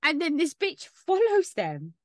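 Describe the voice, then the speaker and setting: A woman's voice: sits high, wildly swooping pitch, a little slow, no room sound, studio quality. A woman co-hosting a podcast, chatting casually and recapping reality TV with blunt swearing and exasperation. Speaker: podcast co-host. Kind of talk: casual chat.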